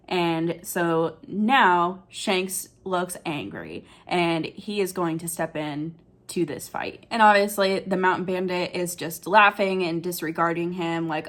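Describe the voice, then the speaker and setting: A woman's voice: on the low side, measured pace. A woman recapping a manga chapter in casual chat, chatty and emotional, saying "like" often. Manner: chatty and emotional, says "like" a lot.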